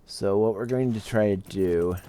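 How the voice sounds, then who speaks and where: A man casually commenting on his own game play as a let's-play host, relaxed and rambling. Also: lowish voice, moderate pace, clean tone. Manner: relaxed, rambling, with many fillers. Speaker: gaming video host.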